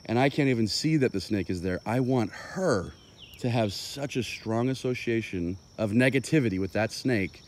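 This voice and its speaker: A man's voice: medium pitch, moderate pace, slight background noise. A man, a dog trainer, explaining his methods in a loose, impromptu way on an outdoor walk, thinking aloud with plenty of fillers.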